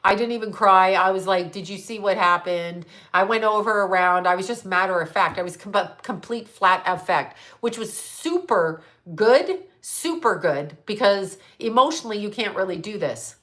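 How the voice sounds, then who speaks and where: A woman's voice: mid-range voice, moderate pace, few pauses, a bit bright. A middle-aged woman from Canada hosts a live stream alone and talks straight to her viewers. She speaks bluntly, swears constantly and rants in a mid-range voice, stopping now and then to answer comments. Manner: blunt, heavy swearing, ranting. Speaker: psychic livestream host. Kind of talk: livestream monologue.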